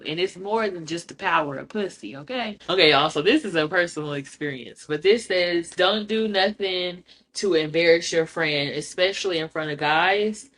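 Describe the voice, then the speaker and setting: A woman hosting a podcast in casual chat, blunt, profane and outspoken, telling stories with animation. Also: fairly low pitch. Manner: animated storyteller. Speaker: podcast host.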